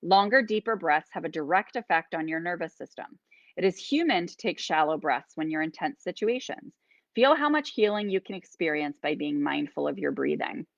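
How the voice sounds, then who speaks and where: A woman hosting a live-streamed oracle card reading, gently encouraging and guiding listeners through slow breathing. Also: on the low side, no room sound, highs cut off. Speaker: host and healer.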